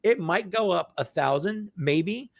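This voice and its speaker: A man talking fast and animated as a guest on a casual livestream, often repeating words. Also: high-pitched, gravelly, no echo, clean studio sound.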